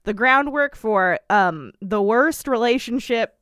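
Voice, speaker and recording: Host donna, tono secco e sarcastico, voce limpida e alta, registrazione asciutta. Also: female voice, fairly high pitch, lively intonation, slow pace, fairly bright tone, no room sound. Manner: dry, sarcastic, frequent ums. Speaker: podcast co-host. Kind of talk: casual recap chat.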